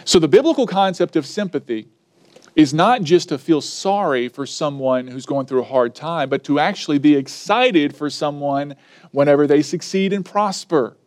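Guy preaching a sermon, earnest, a bit high pitched, acts out the quotes. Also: moderate pace, a little mellow. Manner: earnest, varied emphasis, acts out quoted speakers.

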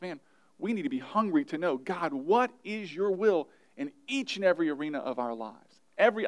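A man's voice: a little high, darkish tone. A male pastor, around his thirties, preaching an emphatic sermon and repeating his key phrases.

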